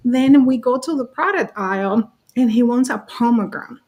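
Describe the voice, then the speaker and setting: A woman with a fairly high voice tells personal stories with real animation, acting out each voice as she goes. She speaks as a panelist over a video call. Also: normal speed. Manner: lively, acts out voices in her stories. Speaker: summit panelist, parent.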